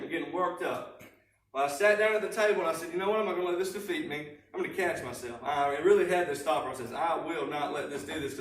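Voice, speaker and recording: A man's voice: high voice, a bit bright, recorded from a distance, a little hiss or hum. A married man leading a church recovery lesson, telling a personal story in plain, folksy talk and laughing often. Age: adult, married. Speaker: recovery group leader. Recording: echoey church hall, speaker away from mic.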